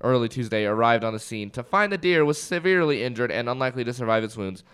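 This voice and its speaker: A man co-hosting a casual podcast, chatting and joking with his friend. His voice is smooth and clear, sitting at an ordinary pitch. He reads short news items aloud and laughs between them. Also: animated, fast talker, a bit bright. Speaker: podcast co-host. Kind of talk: casual chat.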